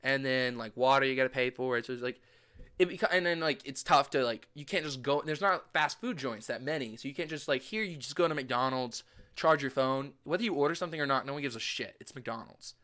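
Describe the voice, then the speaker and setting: Bright-voiced man rambling in casual chat. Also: mid-range voice, brisk. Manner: rambling and profane, with lots of filler likes. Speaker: host.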